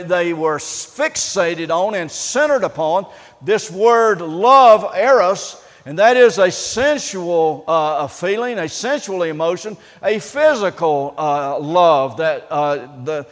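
A pastor preaching a sermon in an earnest, halting way, often pausing on "uh" and restarting his sentences. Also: high-pitched, in a large hall.

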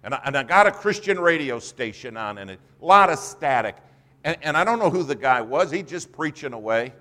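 A man preaching a sermon and telling a story, his voice swinging from hushed to loud. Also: medium pitch, fairly quick. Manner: storytelling, animated.

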